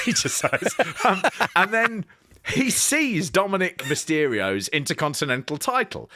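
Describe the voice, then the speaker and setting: A man's voice: high-pitched, very animated, moderate pace, bright, forceful tone, slight background noise. A man co-hosting a casual wrestling review, telling stories with acted quotes and plenty of swearing. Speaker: podcast co-host.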